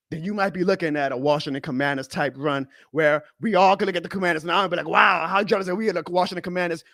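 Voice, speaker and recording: A man hosting a live fan stream, ranting in a heated, profane way that swings up to shouting. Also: high voice, no room sound, studio quality. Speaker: fan show host.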